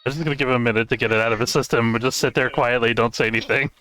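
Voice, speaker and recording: Fast-talking man with a bright voice. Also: mid-range voice, fairly even intonation. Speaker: player. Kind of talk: casual in-character play.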